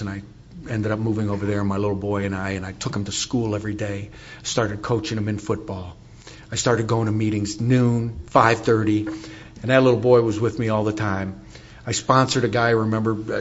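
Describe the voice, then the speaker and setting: A man's voice: lowish voice, highs cut off, slight background noise. A middle-aged man telling his recovery story to an audience, candid and wry as he speaks.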